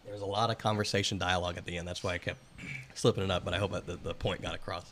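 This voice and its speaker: A man's voice: low-pitched, level tone, racing, a bit bright, a little hiss or hum. A man on a podcast reading a ghost story aloud dramatically, stumbling over words now and then. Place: room with friends, candle lit.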